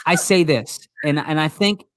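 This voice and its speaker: A man's voice: a little high, a little slow, a bit bright, no room sound, studio quality. A man co-hosting a casual live stream, stammering through restarts and greeting viewers by name. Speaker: co-host.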